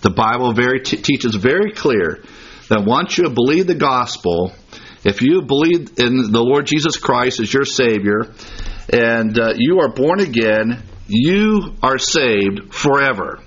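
A man delivers a sermon with a husky edge to his voice, pressing his points with emphasis and stacking up scripture references. The recording is dull and lo-fi, with the top end rolled off. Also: mid-range voice, lively intonation. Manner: emphatic, citing verse references rapidly. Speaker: pastor. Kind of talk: expository sermon. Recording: dull lo-fi sound.

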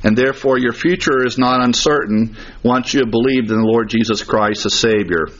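A man preaching an expository sermon, stressing each point and rattling off verse references one after another. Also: mid-range voice. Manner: emphatic, citing verse references rapidly. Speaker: pastor. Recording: dull lo-fi sound.

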